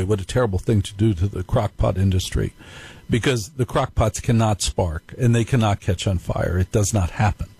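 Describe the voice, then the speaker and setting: A man's voice: fairly low pitch, a little mellow, husky, no room sound, low-quality recording. A man hosting a live call-in radio show, telling stories in a playful, joking way. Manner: playful, jokey storytelling. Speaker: radio talk show host.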